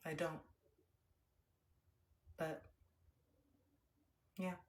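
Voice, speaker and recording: A young woman livestreamer talking to her chat in a calm, earnest, open way. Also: low voice, drawn-out words. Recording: roomy echo.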